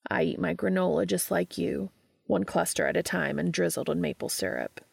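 A woman voicing a tender, earnest male professor, speaking softly and often in a whisper. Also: on the low side, moderate pace, vocal fry, husky, dry recording, clean studio sound, full character voice. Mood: gentle.

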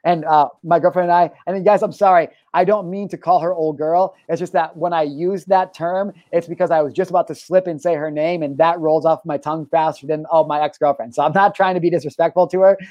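Male live-show host, slightly high-pitched, lively swearing storyteller, dry close sound. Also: brisk, hardly any pauses, no room sound. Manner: energetic, animated storyteller, swears freely. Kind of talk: casual live-stream chat and storytelling.

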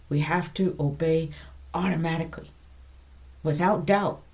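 Slow-talking woman telling a faith story. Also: sits low. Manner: animated, chatty, breaks off for side notes and self-corrections. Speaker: podcast host.

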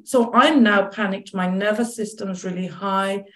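A woman's voice: medium pitch, moderate pace, few pauses. Woman telling her story, echoey room. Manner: animated, acts out quoted dialogue. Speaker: guest, chronic pain and mindset coach. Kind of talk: conversational storytelling.

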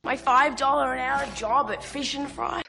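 Brief: a man doing a young Australian woman, high, bright, a bit gravelly. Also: fairly even intonation, moderate pace, slight background noise, full character voice. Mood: dreamy.

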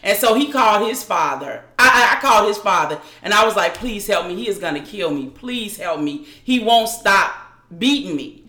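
A woman with a bright, forward voice tells her own story as an interview guest. She talks haltingly and often restarts her sentences, and her voice rings in an echoey room. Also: medium pitch, animated. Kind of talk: recounting a personal story.

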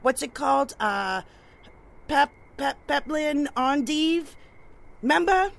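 A woman's voice: sits high, expressive, takes it slowly, gravelly, heavily acted. A woman playing a crude, cackling older neighborhood gossip in a comedic audio drama. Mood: mocking. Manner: crude, cackling, conspiratorial talk.

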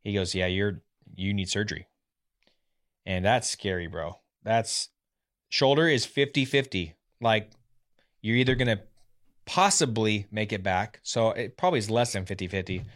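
A former professional pitcher in his thirties, a guest telling his story in a casual, animated way, often acting out what others said. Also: normal speed. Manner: animated, acts out quotes of others.

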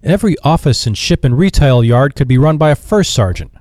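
A man's voice: medium pitch, lively intonation, brisk, a little mellow, dry recording, studio quality, pitched above the performer's own voice, lightly acted. A man voicing a stiff, defiant male office manager who complains in a prim, sour tone. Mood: complaining.

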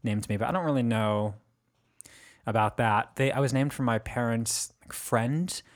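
A man's voice: mid-range voice, measured pace. A man co-hosting a casual podcast, bantering and teasing his friend with frequent laughter. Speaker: podcast co-host.

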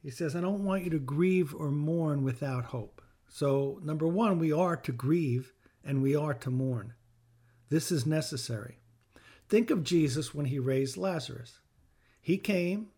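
A middle-aged man, a podcast host and bereaved father, delivers a heartfelt scripture teaching with earnest conviction, repeating phrases for emphasis. His voice is a little high and a little slow, warm and husky.

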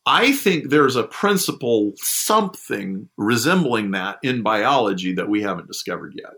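A man talks through ideas in a relaxed podcast conversation. His voice is bright and forceful, and he slips into the voices of people he quotes as he tells his stories. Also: medium pitch. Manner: animated storyteller, acts out quoted people. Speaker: guest discussing a science prize.

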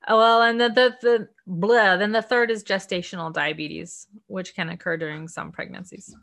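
Gravelly-voiced woman leading a chat. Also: medium pitch, fairly even intonation, moderate pace. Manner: thinks aloud, chatty and earnest with soft laughs. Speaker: study group discussion leader. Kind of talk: casual group book discussion.

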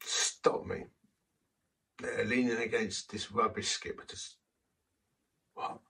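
A man's voice: fairly low pitch, level tone, takes it slowly, gravelly, sharp tone, husky, recorded from a distance, rough recording. A man preaching a sermon, telling a personal story in a conversational, self-deprecating way.

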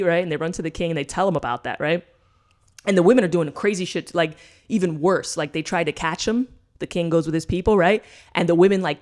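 Animated profane woman retelling a story. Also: on the low side. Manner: profane, animated retelling, tags "right?" on nearly every point. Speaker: podcast co-host. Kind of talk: casual storytelling chat.

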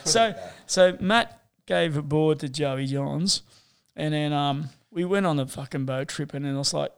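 Aussie man, slightly high, smooth and clear voice, rambling and sweary, casual storyteller. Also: measured pace. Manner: rambling, sweary, lots of fillers.

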